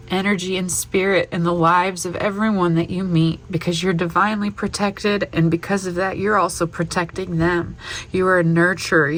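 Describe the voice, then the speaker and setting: A woman's voice: on the low side, fairly bright tone. Tearful, gushing woman tarot reader. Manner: gushing, affirming, heartfelt. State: tearful, emotional. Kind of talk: spiritual tarot reading to camera.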